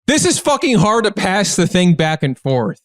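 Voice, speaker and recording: A man's voice: high voice, big pitch swings, normal speed. A man co-hosting an improv comedy podcast, playful and casually profane. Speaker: podcast co-host.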